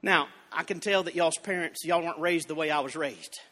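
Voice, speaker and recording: A man preaching a revival sermon in a church, moving from storytelling into shouted fervor. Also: fairly high pitch, brisk. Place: church sanctuary. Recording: long church reverb.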